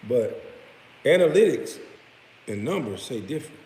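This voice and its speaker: A man in his late thirties rants hotly and profanely, mocking his critics with scornful jabs. His mid-pitched voice rings through a reverberant room with a long tail, over a faint background hiss. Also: sing-song, normal speed, warm tone. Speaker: former pro basketball player. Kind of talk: profane rant.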